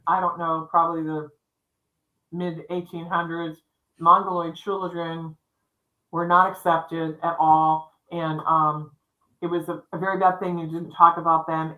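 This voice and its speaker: Narrow, tinny audio captures a woman whose voice is on the low side. The middle-aged psychic co-host shares a creepy personal tale on a livestream in casual spoken form, rambling, starting over, and performing quoted dialogue.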